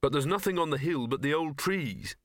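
A man's voice: on the high side, animated, a little fast, dry recording, studio quality, pitched above the performer's own voice, close to an everyday voice. A man voicing an earnest, naive young man in a storybook reading, speaking plainly and eagerly.

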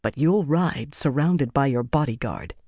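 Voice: mid-range voice, normal speed, dry recording, close to an everyday voice. A reader voicing a blunt veteran guard captain. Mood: firm. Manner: blunt, practical. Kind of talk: audiobook character voice.

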